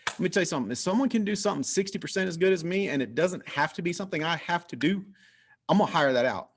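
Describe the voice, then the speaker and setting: A man's voice: on the high side, racing, slightly rough. Guy pumping up his sales team on a video call, fired up, says things over and over. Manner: energetic, repetitive, hyped. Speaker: host.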